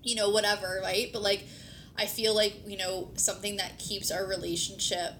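A woman's voice: little pitch movement, normal speed, fairly bright tone. A woman hosting a podcast, chatting casually with her partner, filling her speech with "like" and swearing now and then. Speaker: podcast host. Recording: noisy recording with low rumble.

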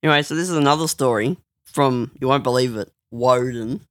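A man's voice: mid-range voice, fairly quick, fairly bright tone. A young man chatting casually, joking and sounding indignant as he tells a story.

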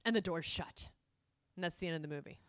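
Woman telling a movie plot, animated, acts out lines, dry close sound. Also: low voice, fast, smooth, dry recording. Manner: animated storytelling, acts out quotes. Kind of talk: casual film chat.

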